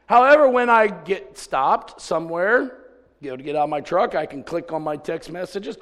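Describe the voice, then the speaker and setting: Pastor guy giving a sermon, kinda high voice, folksy stories, gets loud then drops way down, big echoey hall. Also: lively intonation, normal speed. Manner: folksy storytelling, swings from loud exclamations to low asides. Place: church service. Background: congregation.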